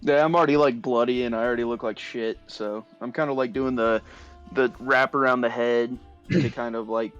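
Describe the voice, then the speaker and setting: Male player at a tabletop game, mid-pitched, rambling with likes and ums. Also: fairly even intonation, brisk, a bit bright, clean tone, lo-fi sound, faint music behind.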